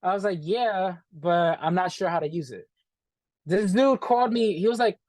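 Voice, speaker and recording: A man's voice: high-pitched, moderate pace, no echo. Profane man retelling a story, dry sound. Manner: animated, profane, acts out quoted dialogue, says "bro". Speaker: interview guest. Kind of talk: casual storytelling.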